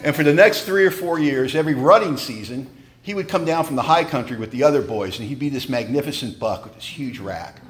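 A middle-aged man telling a personal story to a meeting audience in an animated, conversational way. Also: medium pitch, fairly quick. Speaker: speaker at a recovery meeting.

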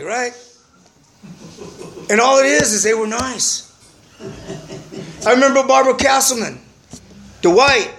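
A man's voice: extremely high pitch, moderate pace, creaky, long pauses, crowd noise. A middle-aged man sharing his recovery story at a meeting in a profane, streetwise, earnest way. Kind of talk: personal testimony, casual storytelling. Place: meeting room.

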